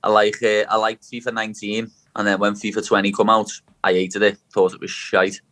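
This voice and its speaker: A man's voice: lowish voice, flat delivery, a little fast, a bit bright. A young man from Liverpool with a strong Scouse accent, chatting bluntly as a podcast guest and calling everyone "lad". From Liverpool, England. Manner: blunt, swears, calls people "lad". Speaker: guest, fighter. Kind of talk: casual chat.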